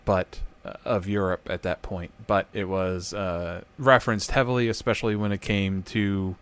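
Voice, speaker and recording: A man's voice: low-pitched, steady tone, moderate pace, a bit bright, clear, resonant tone. A man co-hosting a wrestling podcast in casual chat, laid-back and reminiscing, correcting small details. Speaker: podcast co-host.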